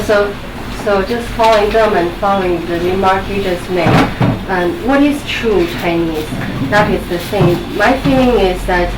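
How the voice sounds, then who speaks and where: A woman in the audience making a point, earnest and thinking aloud. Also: medium pitch. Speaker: audience member asking a question. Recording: far, echoey, noisy.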